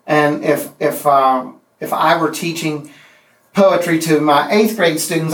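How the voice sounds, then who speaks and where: A man teaching a poetry class, speaking haltingly with restarts and counting out the beats of meters. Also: a little high. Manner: halting, many restarts and fillers, counts out rhythms. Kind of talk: classroom lecture. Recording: echoey room from far off.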